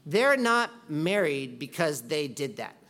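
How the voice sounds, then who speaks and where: A man preaching a conversational sermon as a pastor, talking loosely with lots of "like" and bursting into loud quoted voices. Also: a little high, very animated, slow. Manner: chatty, peppered with "like", jumps into loud quoted voices.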